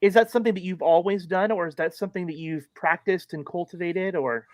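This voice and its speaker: A man's voice: high voice, a little fast, darkish tone, no room sound. A man from California, co-hosting a podcast and asking a guest friendly questions. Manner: friendly, asks leading questions. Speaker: podcast co-host. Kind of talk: casual podcast interview.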